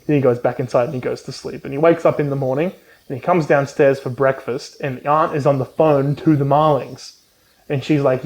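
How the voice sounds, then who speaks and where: A man's voice: mid-range voice, fairly even intonation, a little fast, darkish tone, rough recording. A man recapping a book casually, rambling with lots of ums and swearing, and acting out the characters' lines. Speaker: book reviewer.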